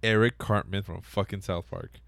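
A man's voice: low voice, moderate pace, gravelly, dry recording. A man chatting casually, swearing often and laughing as he tells stories with energy. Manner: profane, laughing, excitable storytelling. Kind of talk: casual chat.

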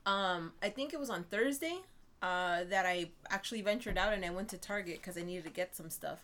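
A young woman co-hosting a casual chat, telling an animated, exasperated story and checking in with "right?" often. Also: lowish voice, a little fast, a little hiss or hum.

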